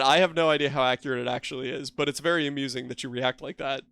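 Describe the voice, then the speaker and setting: A man's voice: medium pitch, steady tone, fast talker, a bit bright, clean tone, no room sound. A man casually chatting with his viewers while playing a game, joking and self-deprecating. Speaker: game streamer. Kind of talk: casual live-stream chat.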